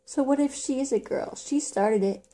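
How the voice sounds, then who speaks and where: A woman's voice: sits high, normal speed, dark tone, pitched above the performer's own voice, close to an everyday voice. A woman reading aloud and voicing an easygoing young boy, close to her own voice. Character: easygoing boy, best friend.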